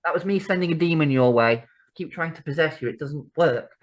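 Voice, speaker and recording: A woman's voice: low-pitched, a little fast. Chatty sweary woman. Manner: chatty and sweary, laughs often. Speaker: podcast co-host. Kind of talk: casual chat.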